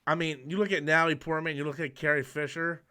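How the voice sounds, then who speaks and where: A man's voice: on the high side, flat delivery, fast, pushed and bright. A young man hosting a casual live-stream chat, ranting with heavy profanity and mocking impressions. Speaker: channel host.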